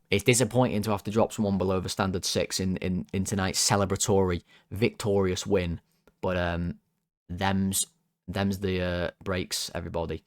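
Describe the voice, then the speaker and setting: A man hosts a football fan channel and talks casually through player ratings, joking and drifting off topic. His voice sits a little low. The sound is dry and close. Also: no room sound. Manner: chatty, joking, rambles off topic.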